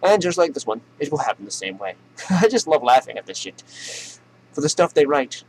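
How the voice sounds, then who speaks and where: A man's voice: fairly high pitch, very animated, a little fast, slight background noise, poor audio. A man hosting a comedy news show, ranting sarcastically and profanely and laughing at his own jokes.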